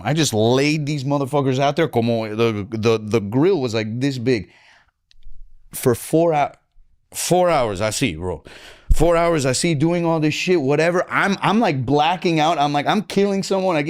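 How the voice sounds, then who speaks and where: Excitable Miami man mixing in Spanish. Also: medium pitch. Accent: Miami Cuban-American English with Spanish code-switching. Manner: switches between English and Spanish mid-sentence, acts out voices; profane, excitable, fast bursts. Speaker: podcast guest. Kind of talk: animated storytelling.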